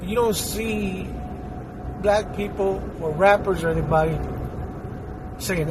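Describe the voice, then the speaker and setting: High-voiced man over traffic noise. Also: slow pace, pauses often. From Houston, Texas. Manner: rambling, blunt, streetwise, repeats himself. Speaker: YouTuber reacting to a clip. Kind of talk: casual spoken commentary.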